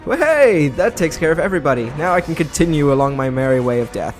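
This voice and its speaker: A man's voice: medium pitch, quick pace. A man from Britain giving chatty, sarcastic let's play commentary while he plays. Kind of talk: gameplay commentary. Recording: commentary over game music.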